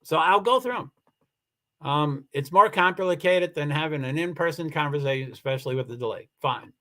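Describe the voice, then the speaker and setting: A man's voice: fairly high pitch, normal speed, bright, forceful tone. Upset, rambling man hosting a livestream. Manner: rambling, upset, self-interrupting with restarts. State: emotional, near tears. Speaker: livestream host. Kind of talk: casual livestream chat reading comments. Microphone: computer mic for a live stream.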